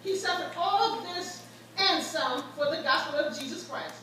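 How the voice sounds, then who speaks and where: A woman preaches with mounting fervor, weaving stories from her own life into the sermon. Her voice sits very high and rings bright and forceful. It carries through a very echoey church and is picked up from well away from the mic. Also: normal speed, distant mic, slight background noise. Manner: preaching with rising fervor, storytelling. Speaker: guest preacher. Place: church sanctuary.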